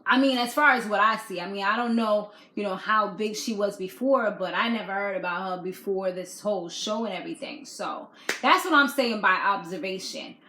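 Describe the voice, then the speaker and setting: A woman giving a casual video recap of a reality show, chatty and animated, full of fillers. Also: medium pitch, moderate pace, reverberant, slight background noise, poor audio.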